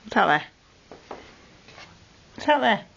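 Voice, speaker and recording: A woman's voice: medium pitch, sing-song, slow pace, gravelly, fairly bright tone, slight background noise. A woman doting on her pet parrots at home in playful, coaxing baby talk, heard through dull lo-fi home video sound. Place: living room at home with perched parrots.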